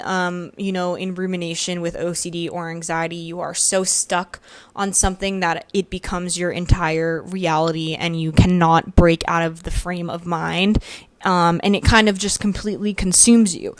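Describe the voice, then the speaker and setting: A young woman with a mid-range voice hosts her own podcast, recorded dry in the home room where she records. In a casual solo reflection, she talks through her thoughts in a chatty way, using lots of fillers.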